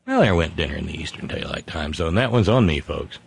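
A man's voice: very deep voice, lively intonation, a little fast, vocal fry, husky. A man hosting a comedy talk stream, reading viewer comments with sardonic, profane asides.

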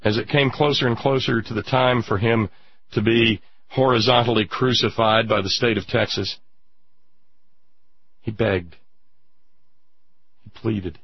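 Husky, low-pitched male commentator, indignant monologue, dry and dull lo-fi sound. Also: steady tone. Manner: indignant, drawn-out emphatic pauses. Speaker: radio commentator. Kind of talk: impassioned political monologue.

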